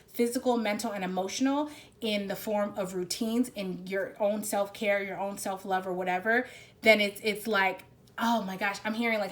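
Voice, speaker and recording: A woman's voice: medium pitch, steady tone, normal speed. A woman giving a spiritual card reading in a casual, rambling, emphatic way, often restarting her sentences. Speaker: tarot reader.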